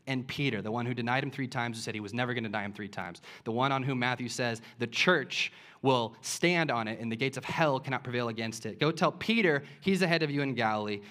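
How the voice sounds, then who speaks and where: A man's voice: mid-range voice, fairly bright tone. A man preaching a sermon, retelling scripture as a story and building to impassioned emphasis.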